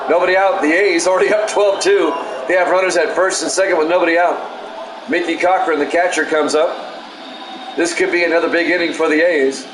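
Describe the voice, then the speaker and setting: A man with a slightly high voice calls the game pitch by pitch in an even, soothing manner, with no regional accent to place him. His voice bounces around an echoey room, and steady background noise runs under every call. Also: a little fast. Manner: calm, self-described soothing delivery with asides. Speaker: play-by-play announcer. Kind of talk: solo play-by-play of a simulated baseball game, chatting with stream viewers.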